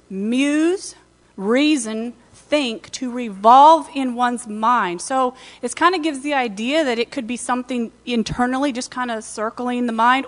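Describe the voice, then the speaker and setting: Lady pastor preaching, chatty asides, kinda high voice, big church reverb. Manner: conversational, animated retelling with asides. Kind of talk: sermon.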